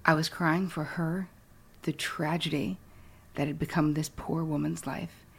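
A woman's voice: low-pitched, steady tone, measured pace, vocal fry, slightly rough. A middle-aged woman telling a personal story as an interview guest, frank and self-deprecating. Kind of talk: candid storytelling.

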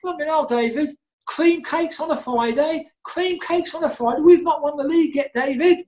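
A man's voice: very high voice, moderate pace, a little mellow, voice pushed up. A man putting on a jokey, exasperated male club boss who repeats the same jibe. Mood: mock outrage.

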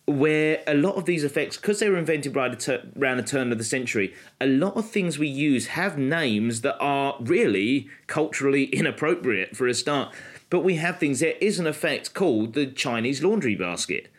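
A man co-hosting a podcast and telling history stories in a casual, explanatory way. He slows down for the dramatic moments. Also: medium pitch.

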